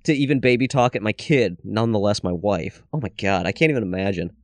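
A man's voice: fairly low pitch, fast talker, no room sound. A man co-hosting a podcast in casual chat, hungover, joking and laughing often. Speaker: podcast co-host.

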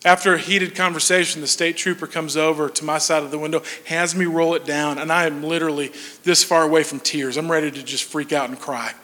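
A man in his forties telling comic stories on stage, animated and laughing through his punchlines. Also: a little high, fairly quick. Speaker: stand-up comedian. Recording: long hall reverb.

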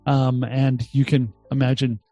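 Man, 50s, Boston accent, animated storyteller, dry mic, soft music bed. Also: mid-range voice, a little slow, no echo. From Boston, USA. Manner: exuberant, jokey, acts out quotes in voices. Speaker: guest entrepreneur.

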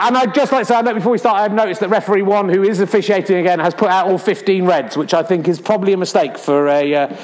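A man's voice: sits high, darkish tone. A male comedian doing sardonic mock snooker commentary on a theatre stage, swearing and announcing with mock grandeur. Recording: long hall reverb, faint noise.

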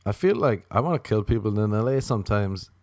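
A man doing a rambling, crude comic monologue, self-mocking, often jumping into high mocking voices to quote people. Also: expressive, brisk, darkish tone, no room sound, studio quality. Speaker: comedian.

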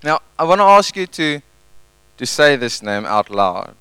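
Male pastor, chatty sermon style, lightly raised pitch, dry. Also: measured pace, clear, resonant tone, no echo, low-quality recording. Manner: conversational, animated, tag questions.

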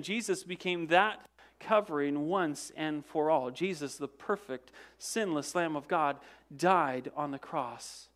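Man, high voice, pastor, sermon, dramatic retelling, repeats words, rhetorical questions, loud-to-hushed swings. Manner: dramatic storytelling with frequent word repetitions and restarts; asks the congregation rhetorical questions.

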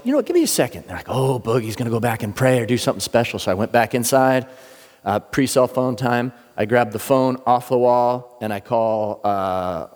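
Brief: middle-aged man, mid-pitched preacher, animated storyteller, long hall echo. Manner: animated storyteller acting out quoted voices. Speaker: pastor. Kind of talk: sermon storytelling.

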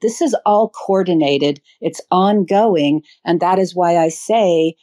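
A woman with a low voice gives a political interview. She talks in an earnest, passionate way, pausing on ums and restarting her sentences as she works out her thoughts. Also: dark tone. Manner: thinks aloud with ums and restarts. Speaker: guest.

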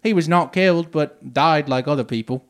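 A man's voice: on the high side, unhurried, voice pushed up, lightly acted. A man doing an earnest young Victorian boy. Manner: raised, earnest reading voice for quoted children. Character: young working-class boy from the 1850s, simple and earnest.

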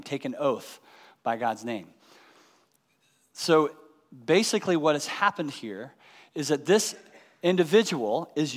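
Male Bible teacher, slightly high voice, long hall reverb, explains and quizzes listeners. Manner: explanatory, asks the audience rhetorical questions. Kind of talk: teaching sermon.

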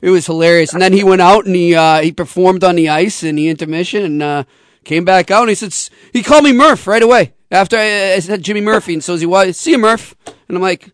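A man hosting a sports radio show, spinning a story with plenty of chatty excitement. His voice sits a little high for a man. The studio sound is dry and close. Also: fast talker, no echo. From Boston. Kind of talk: casual on-air chat.

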